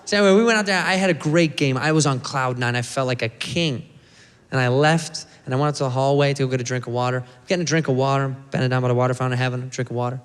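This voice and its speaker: A man's voice: medium pitch, fast, clear, resonant tone, big-room sound. A man in his thirties doing a stand-up set, telling a story animatedly and putting on voices. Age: 30s. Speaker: stand-up comedian.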